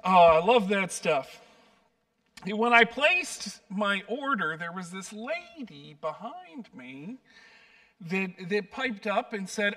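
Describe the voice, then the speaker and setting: A man, a pastor, preaching a sermon and telling stories with gentle self-deprecating humor. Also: high-pitched, big pitch swings, takes it slowly, distant mic. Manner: warm storytelling, light self-deprecating humor.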